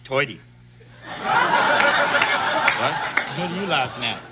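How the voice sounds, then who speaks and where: A groggy, dim-witted Canadian brother who whines in a thick Canadian accent. His pitch swings widely from line to line. Loud noise sits under the old TV audio. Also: wildly swooping pitch, very slow, exaggerated voice. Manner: whiny, bewildered.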